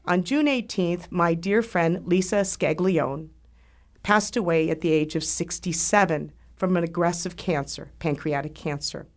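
A middle-aged woman hosts the show in a fairly low voice. She talks slowly and earnestly. Her tone stays heartfelt throughout. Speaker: host. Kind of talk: scripted monologue.

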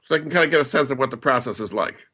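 Brisk, bright-voiced male host. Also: mid-range voice, animated. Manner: brisk, prompting questions. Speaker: radio show host. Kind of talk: interviewing a guest.

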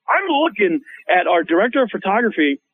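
A chef, a guest on a radio show, telling stories in a lively, casual way, full of fillers and acted-out quotes. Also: male voice, sits high, a little fast. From Hmong American. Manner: animated storyteller, acts out quotes, many fillers. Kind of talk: casual radio interview storytelling. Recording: phone-line guest audio.

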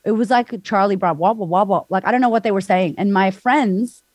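A woman's voice: medium pitch, a little fast, a little mellow, dry recording. A woman guest on a podcast, frankly retelling a hard personal story with lots of "like". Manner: frank, breathless retelling full of "like", acts out voices.

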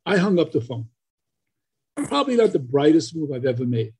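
An older man with a husky, mellow voice and a slightly high pitch. He spins an animated story as a podcast guest, stumbling through plenty of fillers and restarts. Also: moderate pace.

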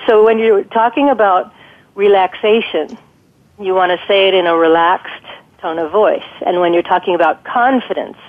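A woman speaks over a thin, tinny telephone line, her pitch sitting in an ordinary middle register. She explains her advice patiently and thoughtfully, often pausing with ums as she works through her points. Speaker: guest expert on guided imagery. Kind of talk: conversational interview advice.

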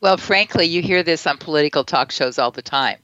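A woman's voice: low-pitched, brisk, a bit bright, no room sound. A woman hosting a radio talk show, asking curious follow-up questions in a chatty manner. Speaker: radio host. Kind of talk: casual radio interview. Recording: dull lo-fi radio audio.

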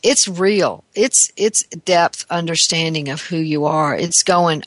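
Earnest talk host on self-compassion, keeps restarting, slows down on key words, dry close mic. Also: mid-range voice, a bit bright, dry recording. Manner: earnest, with frequent restarts and slowed emphasis. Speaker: talk show host and counselor.

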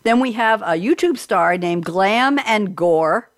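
A woman's voice: mid-range voice, expressive, takes it slowly, no room sound. Chatty woman radio host, dry sound. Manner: chatty, jokey, reads lists of holidays. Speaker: talk show host. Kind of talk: lively radio talk show banter.

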